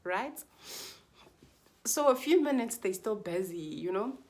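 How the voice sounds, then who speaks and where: A woman's voice: medium pitch, expressive, takes it slowly, darkish tone. A young woman vlogger telling her birth story to camera in a chatty, heartfelt way, repeating phrases for emphasis. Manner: chatty and heartfelt, often addresses viewers as guys.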